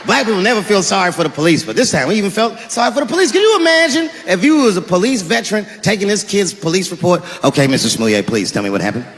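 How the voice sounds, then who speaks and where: A male stand-up comic tells a story on stage in a high voice that leaps all over the place, shouting his punchlines. The sound echoes through a large live room with audience noise underneath. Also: big pitch swings, fast talker, few pauses. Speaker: stand-up comedian. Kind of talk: stand-up comedy set.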